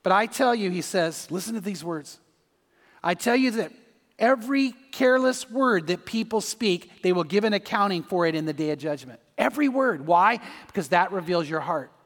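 High-voiced man preaching in a hall. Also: lively intonation, normal speed, fairly bright tone. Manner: emphatic preaching with repeated words and joking asides. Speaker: pastor. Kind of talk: sermon. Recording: long hall reverb.

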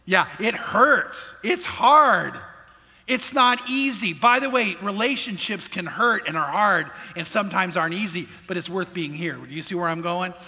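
A man's voice: sits high, moderate pace, few pauses, bright, forceful tone, in a large hall. A male pastor preaching a sermon in earnest, putting questions to his congregation. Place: church sanctuary.

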